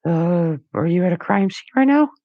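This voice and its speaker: A man's voice: animated, moderate pace, no room sound, highs cut off. A man doing a frantic, pleading teen boy. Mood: anxious. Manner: high strained pleading voice, breaking into sobs.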